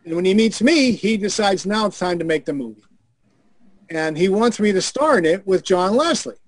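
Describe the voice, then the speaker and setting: High-voiced older man telling stories. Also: animated, normal speed, no echo. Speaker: guest on a video call show. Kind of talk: anecdotal storytelling. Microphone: video call.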